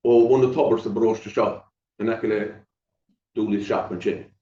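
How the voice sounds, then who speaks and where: A man's voice: on the low side, steady tone, brisk, dark tone. An older Irish man, a retired teacher, telling local stories in a wry, rambling, casual way. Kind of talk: casual storytelling talk. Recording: echoey room, distant dull mic.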